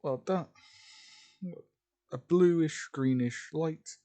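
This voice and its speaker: A man's voice: a little high, extremely slow, dark tone. A man casually narrating a fan fiction story in a rambling, repetitive way. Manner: rambling, repeats "as ... would just".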